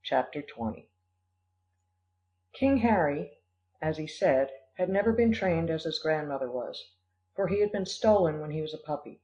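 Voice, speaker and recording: A man giving a measured, scripted audiobook narration. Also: fairly high pitch, darkish tone. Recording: dull lo-fi audio.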